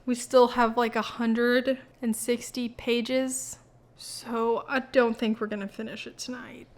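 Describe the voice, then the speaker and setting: Brief: young woman book vlogger, chatty and filler-heavy, fairly high voice, slow pace. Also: little pitch movement. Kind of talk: casual book summary vlog.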